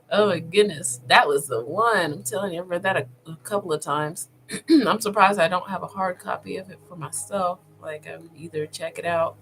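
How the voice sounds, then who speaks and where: A woman vlogger talking casually as she browses online, thinking aloud with many pauses and fillers, and speaking directly to her viewers. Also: lowish voice, a bit bright, slight background noise, rough recording. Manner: addresses viewers informally.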